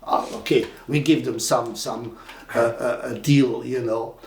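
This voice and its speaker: An older man with a Flemish Belgian accent telling animated anecdotes as an interviewee, with lots of fillers and restarts. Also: medium pitch, unhurried, vocal fry, slight background noise. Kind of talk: anecdotal storytelling. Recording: roomy echo.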